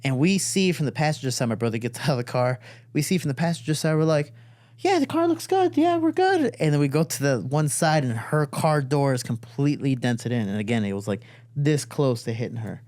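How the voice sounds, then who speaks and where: Man, from Chicago, podcast guest, animated storyteller, mid-pitched, dry studio sound. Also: fairly quick, no room sound. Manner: animated, acts out quoted voices with big jumps up in pitch, swears freely.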